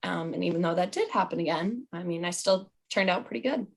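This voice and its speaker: A woman's voice: fairly low pitch, brisk, creaky, husky. A young adult woman chatting as a podcast guest, playful and full of fillers like "like" and "um". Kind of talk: casual podcast chat.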